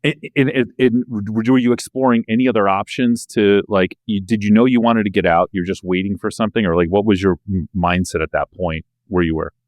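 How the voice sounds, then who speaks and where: A man's voice: on the low side, steady tone, a little fast, hardly any pauses, no room sound, clean studio sound. A man hosting a casual interview, agreeing in short replies and asking loose follow-up questions. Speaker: podcast host.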